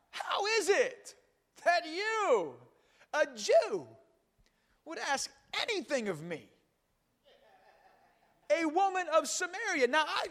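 A scornful, sarcastic woman at a well, as a preacher puts her on, brushing off a stranger with high, lifted tones. Her sharp, exasperated lines ring out with a long hall echo behind them. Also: heavily acted. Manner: sarcastic, dismissive.

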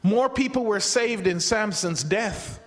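High-voiced male preacher in a reverberant hall. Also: lively intonation, measured pace. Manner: conversational, repeats words and restarts, acts out quoted voices. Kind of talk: sermon.

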